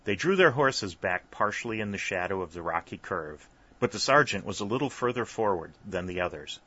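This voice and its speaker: A man narrating a story, with steady, even storytelling. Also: fairly low pitch, fairly quick, slightly rough. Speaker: audiobook narrator. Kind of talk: scripted narration. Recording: slightly dull, dry recording.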